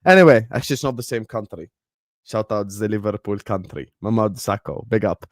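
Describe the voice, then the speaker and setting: A man's voice: on the low side, brisk, no echo, studio quality. A man hosting a stream, hyping and teasing his guest in playful banter. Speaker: host. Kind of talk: casual chat on a stream.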